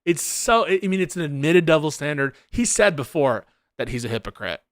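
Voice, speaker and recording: A man's voice: a little high, big pitch swings, a little fast, dry recording. Man, sarcastic, argumentative, reaction commentary, dry mic. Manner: sarcastic, argumentative, laughing at clips. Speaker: political commentator reacting to clips.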